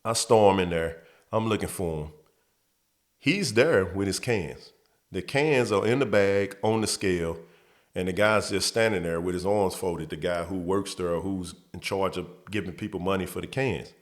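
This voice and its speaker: Man, low voice, casual storytelling, restarts words, acts out quotes. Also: moderate pace. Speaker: host.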